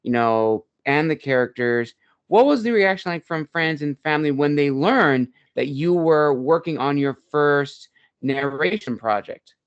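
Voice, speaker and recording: A man's voice: fairly high pitch, measured pace, smooth, lo-fi sound. A man hosting a narrator interview podcast, asking long, rambling questions. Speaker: podcast host.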